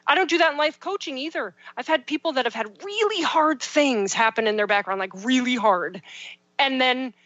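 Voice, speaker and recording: A woman in her thirties, a parenting and life coach, chatting with lively, animated storytelling. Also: high voice, moderate pace, dry recording, highs cut off. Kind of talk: casual chat.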